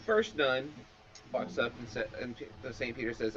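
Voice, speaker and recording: A man's voice: medium pitch, big pitch swings, moderate pace, a bit bright. Man telling a long joke, lo-fi mic. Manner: rambling joke-teller with restarts. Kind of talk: casual banter while gaming. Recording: dull lo-fi mic with faint noise.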